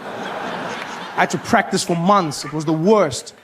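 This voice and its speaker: High-voiced animated male comedian. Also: slow pace, background noise. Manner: animated, acts out voices and shouts. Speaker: stand-up comedian. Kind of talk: stand-up comedy storytelling.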